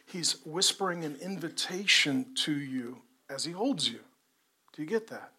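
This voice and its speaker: High bright-voiced preaching man. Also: measured pace, husky. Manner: animated preaching, moving from loud to hushed. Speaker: pastor. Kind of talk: sermon. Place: church before a congregation.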